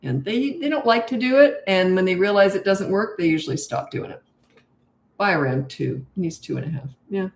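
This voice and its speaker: An older woman who coaches parents, answering viewer questions live in a calm, unhurried, low and slow way. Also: creaky, echoey room.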